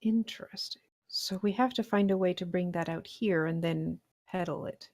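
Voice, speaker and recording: Game master, woman, lower voice, brief questioning manner, dry close mic. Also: fairly even intonation, moderate pace, a little mellow, dry recording. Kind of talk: in-character tabletop role-play.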